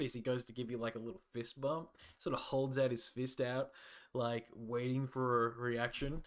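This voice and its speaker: A man running a fan-made tabletop role-playing game as game master, relaxed and hesitant, with plenty of fillers. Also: mid-range voice, normal speed.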